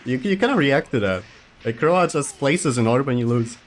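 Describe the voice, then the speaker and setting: A man co-commentating a live fighting game match with a joking, easygoing manner. His voice sits at an ordinary middle pitch, and he chats casually with friends. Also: lively intonation, moderate pace. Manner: joking, laughs often.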